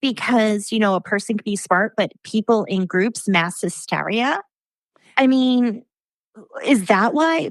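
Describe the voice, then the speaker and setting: A woman's voice: medium pitch, no room sound, poor audio. A woman guest on a podcast in casual chat, talking in an earnest, thoughtful way with a lot of "like". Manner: earnest, thoughtful, many fillers like "like".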